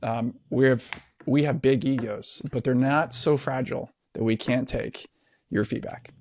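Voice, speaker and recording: A man co-hosting a podcast, telling stories in a relaxed, animated conversational way. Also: medium pitch, unhurried, vocal fry. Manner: animated storyteller. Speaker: podcast co-host. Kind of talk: casual conversation.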